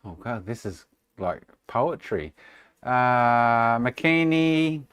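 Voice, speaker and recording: A man's voice: fairly low pitch, animated, unhurried, no echo. An Australian man chatting casually and sarcastically with viewers on a live stream, swearing freely. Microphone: desk microphone.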